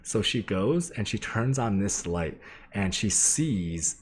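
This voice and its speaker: A man's voice: fairly low pitch, expressive, slow, slight background noise. A man streaming from home, telling a casual, rambling story to his chat, full of swearing and filler words. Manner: rambling, profane, lots of "like" and "um"; sketches while he talks, addressing chat. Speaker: game streamer.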